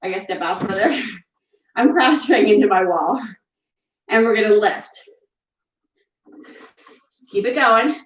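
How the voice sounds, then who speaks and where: Working out in a room at home, a woman leads a barre class with a mid-range, expressive voice, speaking a little slowly with long pauses. She counts reps, cheers her students on and tosses in chatty asides while slightly out of breath. The audio is poor, reverberant and far from the mic.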